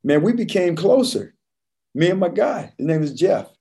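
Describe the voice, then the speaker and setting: Male podcast guest, casual storyteller, husky mellow tone, conversational. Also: high voice, normal speed. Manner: relaxed storyteller, says "man" constantly. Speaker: podcast guest, former football player.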